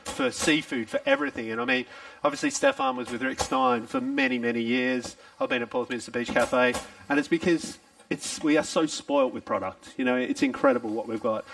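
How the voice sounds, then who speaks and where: A man's voice: a little high, sing-song, brisk, creaky, few pauses, a bit bright, recorded from a distance. A middle-aged man from Australia with an Australian accent, chatting through a live cooking demonstration at a festival tent and poking fun at himself. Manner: chatty, self-deprecating, asks his co-chef questions. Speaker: chef.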